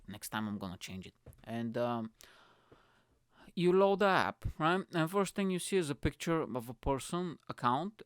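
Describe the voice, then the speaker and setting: A man's voice: mid-range voice, clean tone, no room sound, studio quality. A young man, a comedian hosting his own podcast alone at home, ranting crudely with lots of swearing and rambling asides. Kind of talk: casual solo podcast rant.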